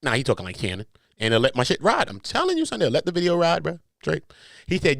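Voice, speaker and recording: A man's voice: a little high, huge pitch swings, fast talker, creaky, fairly bright tone, dry recording. A man hosting a podcast, giving profane, joking reaction commentary. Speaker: podcast host.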